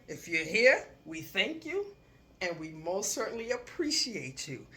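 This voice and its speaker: A speaker delivering a hyped promotional shout-out, repeating plugs in a bright, forceful voice. The delivery sits at a middle pitch. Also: big pitch swings, a little slow. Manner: hyped, repetitive plugging. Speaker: podcast promo host.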